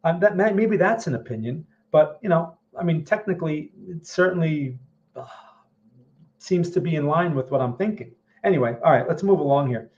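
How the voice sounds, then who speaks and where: A man's voice: on the high side, lively intonation, normal speed, a little mellow, lo-fi sound. A man hosting a live-stream chart analysis, blunt and emphatic, often asking "okay?". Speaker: trading analyst host.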